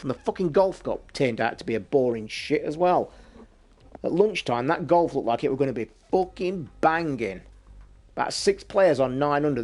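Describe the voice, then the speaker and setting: A man ranting about sport on a casual podcast stream, swearing a lot and swinging from loud outbursts to low asides. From England. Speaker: podcast host.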